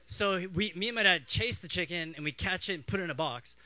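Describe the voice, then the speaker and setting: A middle-aged man from Canada preaching a sermon, telling childhood stories in an animated way and acting out family voices. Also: sits high, fast, no echo, low-quality recording. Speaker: pastor.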